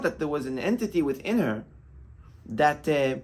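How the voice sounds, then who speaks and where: A rabbi delivers a sermon in a husky, breathy voice, his pitch swinging widely as he builds emphasis. He preaches with passion, pressing his points hard and folding Hebrew terms into the flow. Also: very animated, normal speed.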